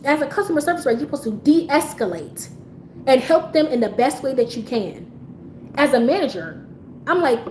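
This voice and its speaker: A woman with a fairly high voice chats to her live audience in a casual storytime. She is animated, swears freely and breaks into laughter. Her voice bounces around an echoey room, with a faint hiss of noise behind it. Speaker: livestream host telling a story.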